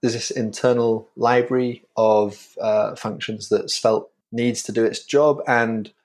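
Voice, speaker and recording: A man from England with a Yorkshire accent, a guest on a technical podcast, explaining his software carefully with small restarts. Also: lowish voice, steady tone, measured pace. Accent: Yorkshire English. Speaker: guest, framework creator.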